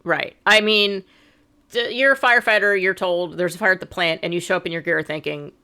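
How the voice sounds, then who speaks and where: A woman's voice: on the low side, fairly even intonation, brisk, bright, forceful tone, smooth. A middle-aged woman co-hosting a podcast, explaining events step by step with a sarcastic edge. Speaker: podcast co-host. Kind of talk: casual podcast chat.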